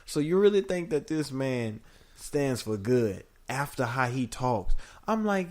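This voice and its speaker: Playful male podcast co-host, rambling and animated, average pitch. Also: measured pace. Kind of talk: casual chat.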